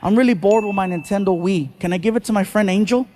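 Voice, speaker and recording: Man voicing a spoiled son for a stand-up bit, flat and unimpressed. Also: high voice, fast, slight background noise, close to an everyday voice. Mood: bored.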